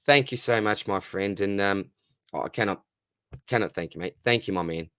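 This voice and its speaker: A man's voice: fairly low pitch, normal speed, a bit bright, clear, resonant tone, dry recording, clean studio sound. A man with an Australian accent hosting a casual live stream Q&A, reading out chat questions and answering them in a friendly, matey way.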